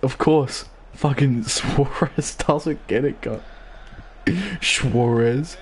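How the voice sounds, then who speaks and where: A young gaming streamer plays a football video game while chatting casually, trading crude swearing and joking banter. His mid-range voice is extremely slow.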